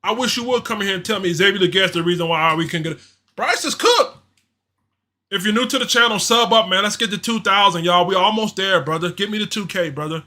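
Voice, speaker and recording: Barely pausing at a quick pace, a man with a high, bright, forceful voice hosts a fan livestream with casual play-by-play. He rants in frustration, slangy and repetitive.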